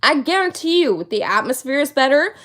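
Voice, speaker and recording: A woman's voice: high-pitched, very animated, a little fast, a bit bright. A woman in her late thirties hosting a casual livestream, venting with indignant, emphatic talk and repeating her points for emphasis. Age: 30s. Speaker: livestream host.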